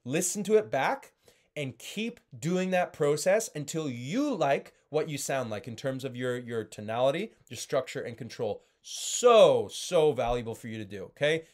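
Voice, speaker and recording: A man coaching salespeople in an emphatic, animated way, often checking in with "okay?" and "right?". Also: a little high, normal speed. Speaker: sales trainer. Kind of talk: sales training talk.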